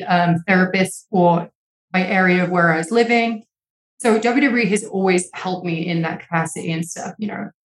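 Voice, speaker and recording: Young woman, podcast guest, candid and emotional, heavy swearing and "like" fillers, echoey home room. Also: mid-range voice. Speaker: interview guest. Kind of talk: candid conversational storytelling.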